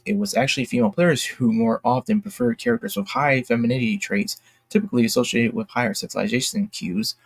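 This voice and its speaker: A man's voice: medium pitch, vocal fry, husky, no room sound. A man reading a news article aloud with commentary, often stumbling over words and adding apologetic asides. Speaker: YouTube commentator.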